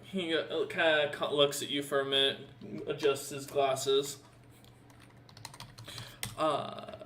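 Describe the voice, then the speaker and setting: A man narrating a tabletop game as dungeon master, halting and restarting often. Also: fairly high pitch, level tone, fairly bright tone, a little hiss or hum. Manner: halting, with many fillers and restarts.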